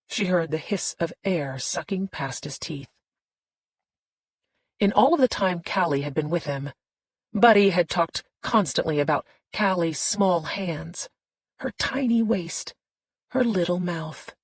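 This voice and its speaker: A woman narrating a thriller audiobook in a tense, steady storytelling manner. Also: lowish voice, a little slow, breathy edge, dry recording, low-quality recording.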